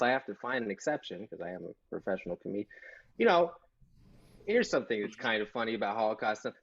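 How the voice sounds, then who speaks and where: A man performing a stand-up set over a video call, talking in a deadpan, provocative way and laughing at his own jokes. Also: medium pitch, breathy edge, muffled recording. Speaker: stand-up comedian. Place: Texas home.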